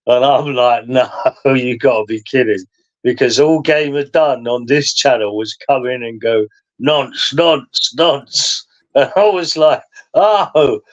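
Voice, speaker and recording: Rambling stream host. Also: male voice, mid-range voice, moderate pace, dull audio. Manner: rambling, laughs through his stories. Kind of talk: casual chat.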